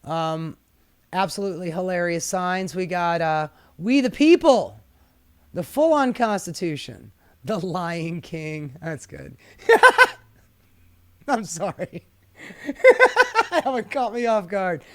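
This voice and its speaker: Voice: mid-range voice, animated, slow, long pauses, clear, resonant tone. A host giving casual commentary while reading protest signs aloud, sassy and profane, laughing often.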